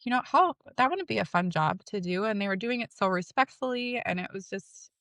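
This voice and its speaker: A woman in her thirties talking as a podcast guest, halting, with many fillers and self-conscious asides. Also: medium pitch, fairly bright tone, dry recording, studio quality. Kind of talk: casual conversation.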